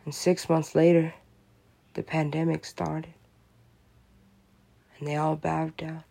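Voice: mid-range voice, completely flat delivery, takes it slowly, vocal fry, mellow. A vlogger in a rambling, profane, conspiratorial monologue.

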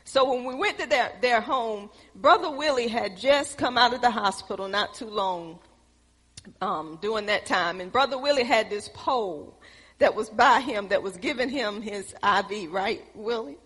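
A woman preaching a sermon, telling stories and building to excited emphasis. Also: a little high, normal speed, breathy edge, long reverb tail. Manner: storytelling, rising to excited emphasis.

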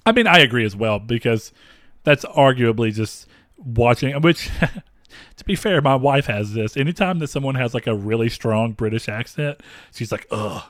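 A man's voice: mid-range voice, animated, normal speed, a bit bright, dry recording, studio quality. A young man from the American South co-hosting a podcast, chatting casually and rambling with many fillers and frequent laughs. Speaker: podcast co-host. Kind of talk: casual chat.

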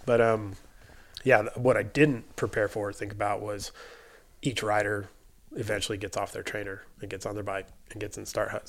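A man who works as a race mechanic, casually telling a story and acting out what people said, with lots of filler words. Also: fairly low pitch. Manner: animated, acts out quotes, many filler likes. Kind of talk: casual storytelling in a podcast chat.

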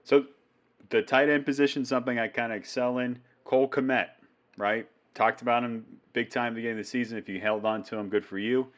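A man's voice: medium pitch, steady tone, a bit bright, highs cut off. A man co-hosting a fantasy football show, chatting casually with a jokey, rambling manner. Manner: jokey, rambling, quick to riff. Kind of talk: casual sports chat.

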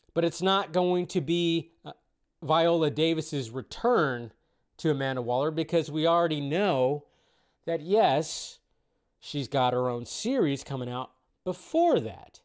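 Man, live-stream host, casual rambling commentary, fairly high voice, swears casually. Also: animated, unhurried.

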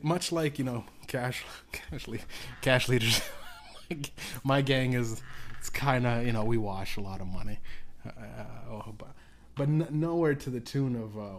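A man's voice: mid-range voice, a little mellow. A man hosting his own podcast, talking in a loose, rambling monologue full of restarts and swearing. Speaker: podcast host.

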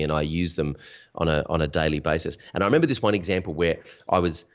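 Deep-voiced man telling frank stories. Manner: frank, storytelling, motivational. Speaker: podcast guest. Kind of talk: candid interview conversation. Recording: dull lo-fi sound.

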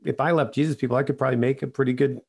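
An older man telling a personal story in an interview, earnest and halting, often restarting his sentences. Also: mid-range voice, steady tone, creaky, darkish tone, slightly rough. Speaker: regular podcast host, interviewed guest.

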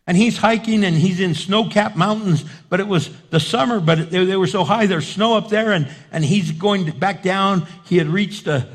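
A man's voice: high voice, normal speed, few pauses. A male pastor preaching a sermon with emphatic repetition and rhetorical questions.

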